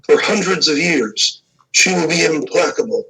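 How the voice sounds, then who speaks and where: A man playing a weary, stern dragon slayer soldier who speaks gravely. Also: a little high, moderate pace, bright, forceful tone, pitched above the performer's own voice, low-quality recording.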